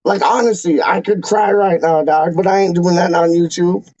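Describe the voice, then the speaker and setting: A man's voice: high voice, fairly even intonation, normal speed, a little mellow, no room sound, highs cut off. A man hosting a fan channel, talking in a casual, slangy and emotional way with many repeated exclamations.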